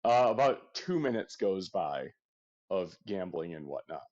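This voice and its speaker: A man narrating as game master in a tabletop game, in a halting, casual manner full of fillers. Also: low voice, very animated, a little mellow, highs cut off.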